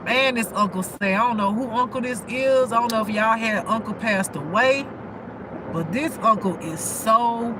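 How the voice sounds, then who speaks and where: A woman's voice: a little high, background noise. A woman giving a casual intuitive spiritual reading, emotional and repetitive, with frequent cursing.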